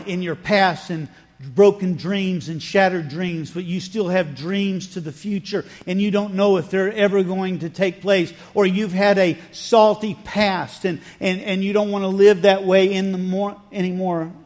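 A man's voice: sits high, fairly even intonation, a little slow, a little mellow. A man preaching a sermon, retelling scripture dramatically and acting out the dialogue with rising and falling emphasis. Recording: long hall reverb.

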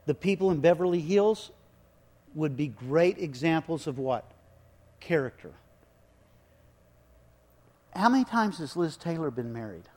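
A male pastor with a fairly high voice delivers a sermon, swinging from hushed prayer to loud acted-out stories. His voice rings through a church sanctuary with a long reverb tail.

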